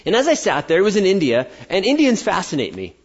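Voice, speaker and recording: A man's voice: sits high, wildly swooping pitch, fast, husky. An American man preaching a sermon, telling a personal story and acting out the voices he quotes. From United States. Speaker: pastor. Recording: dull lo-fi sound.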